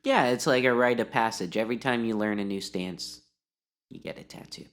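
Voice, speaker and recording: A man's voice: medium pitch, brisk, lightly acted. A man voicing a naive, sheltered male monk adventurer who talks in an earnest, matter-of-fact way during tabletop role-play.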